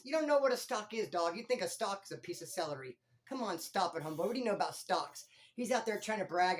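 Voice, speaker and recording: A former prisoner hosting his own channel, telling stories in animated street slang. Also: high-pitched, quick pace, hardly any pauses. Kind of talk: casual storytelling vlog.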